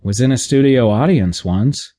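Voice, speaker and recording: A man's voice: medium pitch, normal speed, warm tone, lightly acted. A man voicing an ordinary adult man newly arrived somewhere strange in an audiobook, answering in a terse, noncommittal way. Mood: resigned. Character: resigned everyman newcomer, adult man, laconic. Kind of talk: audiobook character voice.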